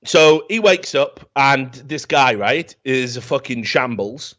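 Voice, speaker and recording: A man's voice: mid-range voice, animated, slow pace, fairly bright tone. A man, hosting a talk show and ranting comically about a film in a profane, rambling, mocking way. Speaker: podcast host. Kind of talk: comedic film rant. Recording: dull lo-fi sound.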